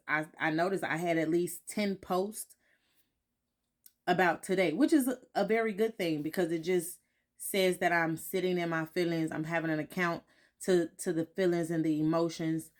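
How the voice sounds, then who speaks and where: This woman vlogs from home on a morning, her fairly low voice keeping a steady tone at normal speed. The talk is candid and reflective, aimed casually at her followers, and she tends to repeat herself and ask "right?".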